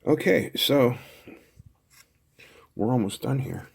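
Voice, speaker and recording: A man's voice: medium pitch, lively intonation, slow pace, gravelly, husky. A middle-aged man casually talking through a kit build as he solders, chatty and thinking aloud. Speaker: electronics hobbyist host.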